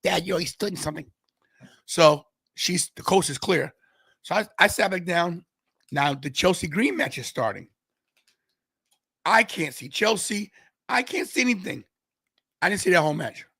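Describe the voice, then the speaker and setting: A man from Brooklyn, hosting a podcast and telling a story with lively dialogue. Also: high voice, vocal fry, slightly rough, no echo, clean studio sound. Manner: acts out other people's lines in quick voices. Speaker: podcast host.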